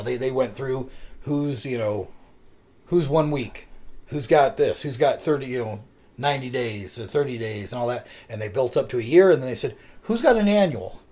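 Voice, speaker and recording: Rambling, lively-voiced man telling stories. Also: mid-range voice. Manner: rambling storyteller, swears freely. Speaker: podcast co-host. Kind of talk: casual chat.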